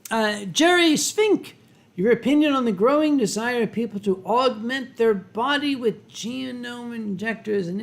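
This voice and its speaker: A man in his fifties holds forth on his live stream, wine at hand, drawling slowly and in no hurry at all. He rambles and swears freely, pausing for effect, then swings from booming outbursts to hushed asides. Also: vocal fry. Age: 50s. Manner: slow, rambling and profane with dramatic pauses. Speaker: live-stream host answering chat. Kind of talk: casual live-stream chat while drinking wine.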